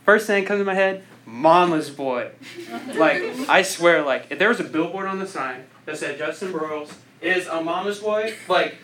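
A young man delivers an informal speech, his voice sitting a little high. He rambles, leans on "like" as filler, and laughs at his own jokes. A faint hiss runs under the recording. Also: moderate pace, bright, forceful tone, rough recording. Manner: rambling, self-deprecating, laughs often; heavy use of "like" filler. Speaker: student giving a speech.

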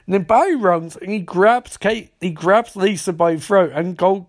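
A man's voice: high voice, moderate pace. A man casually retelling a TV episode, rambling, swearing and throwing in comic asides. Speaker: recapper.

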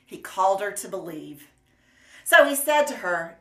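A woman preacher delivering a sermon in an earnest, measured and gently emphatic way. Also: medium pitch, sing-song. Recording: roomy echo.

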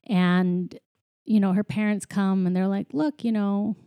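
A woman's voice: medium pitch, fairly even intonation, a little slow, dark tone, smooth, dry recording. A woman recapping a movie in a casual chat, full of "like" and "you know", often giggling.

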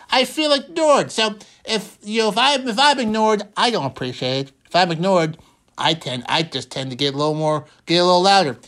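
A man's voice: high voice, a bit bright. A male talk radio host speaking in a running monologue. He is wry and sarcastic, repeats his own lines for emphasis, and leans on folksy exclamations.

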